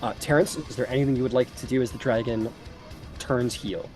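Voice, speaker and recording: A man's voice: medium pitch, steady tone, a little fast, a little mellow. A man narrating a tabletop game as game master, in a loose, casual style full of fillers. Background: faint background music.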